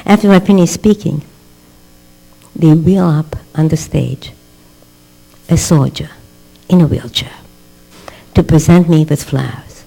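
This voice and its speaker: A woman's voice: low voice, unhurried, gravelly, long pauses, warm tone, rough recording. An older woman, a rebbetzin, telling stories to a class in a dramatic lecture style. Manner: dramatic storyteller who acts out quoted voices. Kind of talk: storytelling lecture. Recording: mains hum underneath.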